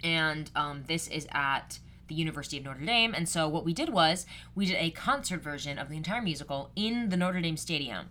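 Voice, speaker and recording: A young woman in her twenties hosts her podcast solo. Her voice sits low for a woman, and she chats loosely, rambling through her asides with plenty of ums. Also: expressive, brisk, hardly any pauses, pushed and bright, slight background noise. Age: 20s. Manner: chatty and rambling, many fillers. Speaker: podcast host. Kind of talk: casual solo podcast chat.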